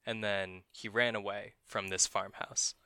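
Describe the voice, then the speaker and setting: Male podcast host, true-crime storyteller; low-ish, bright, smooth voice; casual, wry and profane. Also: level tone, a little slow, no echo. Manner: profane, wry, laughs at grim details.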